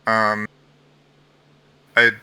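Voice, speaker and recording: A man's voice: lowish voice, completely flat delivery, extremely slow, sharp tone, clear, resonant tone, no room sound. A man playing in a tabletop game, asking questions hesitantly, full of fillers and restarts. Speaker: player.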